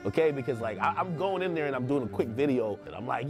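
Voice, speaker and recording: A man who commentates on hip hop, recalling his early videos in a lively, conversational way. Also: mid-range voice, quick pace, few pauses, music in the background. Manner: lively, quotes himself. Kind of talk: conversational interview.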